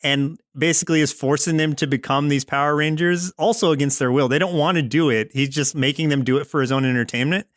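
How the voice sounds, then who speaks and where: A man's voice: a little high, steady tone, fast talker, hardly any pauses, no echo, clean studio sound. A man co-hosting a podcast, casually recapping a cartoon episode in a rambling way with lots of "like". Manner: rambling storyteller, heavy use of "like", acts out quotes. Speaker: podcast co-host.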